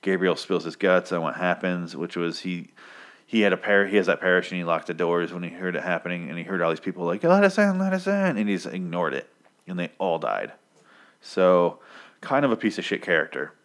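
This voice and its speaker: Very deep-voiced sarcastic man. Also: steady tone, fairly quick, a bit bright. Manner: profane, sarcastic. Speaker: podcast host recapping a comic. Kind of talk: casual chat.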